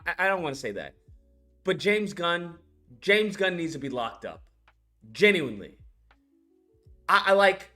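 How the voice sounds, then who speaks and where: An excitable YouTuber retelling a film in a swearing, heated rant, with a voice that leaps up and down all the time. Faint music plays underneath. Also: medium pitch. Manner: excitable, swears freely, acts out scenes. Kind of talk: casual profane movie-review rant.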